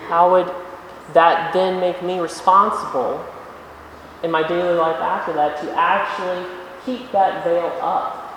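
A preacher giving a conversational sermon in a church, asking rhetorical questions and slowing down for emphasis. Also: mid-range voice, fairly even intonation, fairly bright tone, far from the mic, a little hiss or hum. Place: church sanctuary. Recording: echoey hall, voice from afar.

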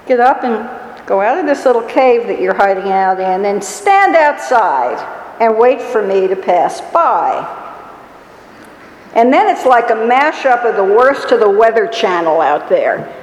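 A woman's voice: fairly high pitch, big pitch swings, measured pace. A woman preaching a sermon in a church, telling the story with wry humor and mock-whining quotes. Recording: echoey hall with long reverb.

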